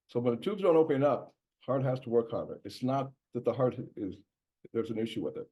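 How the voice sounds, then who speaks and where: A man's voice: medium pitch, dark tone. A man, a doctor, giving a casual health presentation in a conversational way, with many fillers and restarts. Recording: dull lo-fi recording.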